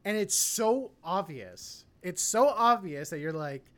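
Speaking slowly in an expressive, medium-pitched voice, a podcast co-host offers a casual movie review that's blunt and full of opinions. The talk wanders, packed with fillers and false starts.

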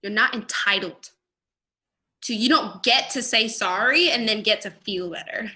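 Woman, podcast co-host, blunt and straight-talking, bright forceful voice. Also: fairly high pitch, measured pace. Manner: blunt, animated, acts out quoted exchanges. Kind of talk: casual conversational podcast.

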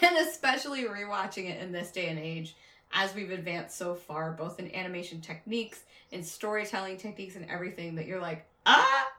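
A woman's voice: on the low side, fairly quick, bright, forceful tone, echoey room, far from the mic. A woman in casual chat who laughs often, swears, and mimics cartoon voices.

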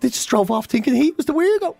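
Animated high-voiced Irish man. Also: quick pace, vocal fry, dry recording, soft background music. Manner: animated storyteller, acts out quotes. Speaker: radio co-host. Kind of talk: casual chat.

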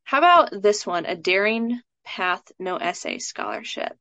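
Animated and forceful, a scholarship coach with a bright, medium-pitched voice guides a student through a live session at a normal pace. Her talk is chatty and casual, sprinkled with "like" and "um," on a dull lo-fi recording without echo.

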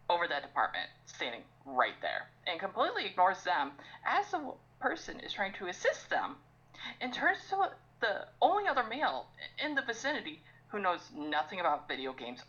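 Young woman, exasperated profane rant, low voice, dull recording. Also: sharp tone. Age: young adult. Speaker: podcast co-host. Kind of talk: ranting casual chat.

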